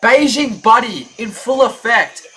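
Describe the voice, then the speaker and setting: A high-voiced man calling a basketball game as a fan, his tone bright and cutting. He talks in an unhurried drawl, then snaps into profane shouts and bursts of laughter at his own team. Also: expressive. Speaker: fan play-by-play commentator. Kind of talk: live fan commentary.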